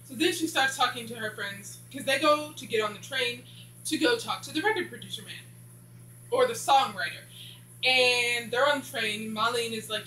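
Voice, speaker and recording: Fields: Sex: woman. Role: TV reviewer. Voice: bright. Style: rambling casual recap. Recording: echoey room, faint hum. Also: a little high, normal speed. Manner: rambling, skips dialogue with repeated "blah". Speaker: TV show reviewer.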